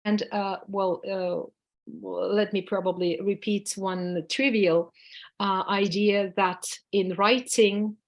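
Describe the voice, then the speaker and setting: A woman's voice: medium pitch, steady tone, slow, dull audio. A woman with a Russian accent, a native Russian speaker, teaching a workshop on public speaking, speaking hesitantly with frequent fillers and restarts. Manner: demonstrates tongue twisters with exaggerated falling tones. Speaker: workshop instructor. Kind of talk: lecture to a workshop audience.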